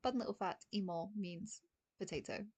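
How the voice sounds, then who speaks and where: A young woman runs a relaxed beginner's language lesson, chatty and quick to giggle as she explains each new word. Her voice sits in a middle register. It is recorded close and dry, with almost no room sound. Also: medium pitch, breathy edge, no room sound. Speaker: Japanese teacher. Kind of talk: casual online lesson.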